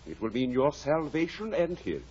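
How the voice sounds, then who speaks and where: A blunt old country doctor speaks with wry, earnest care. His pitch swings widely from line to line. The 1940s radio broadcast sounds dull, with faint hiss underneath. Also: sing-song, moderate pace, darkish tone. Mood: grave. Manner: dry, wry and then gravely earnest. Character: older male country doctor, blunt and caring. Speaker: Doctor Kenneth.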